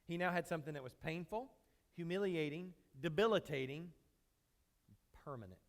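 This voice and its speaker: Preaching at normal speed, a male pastor acts out loud, pleading prayers in his sermon, then sinks into a low, quiet voice.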